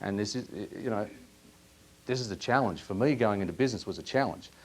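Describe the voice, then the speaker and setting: A man's voice: fairly low pitch, a little fast. Man leading a live workshop. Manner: questioning, lively, asks audience members. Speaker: workshop presenter. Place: seminar room.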